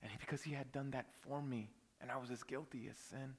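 A pastor preaching a sermon, telling a personal story that swings from hushed whispers to loud outbursts. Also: male voice, mid-range voice, steady tone, quick pace, in a large hall.

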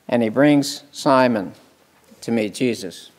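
A man preaching a sermon slowly and emphatically, asking the congregation questions. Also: mid-range voice. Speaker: pastor. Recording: long reverb in a hall.

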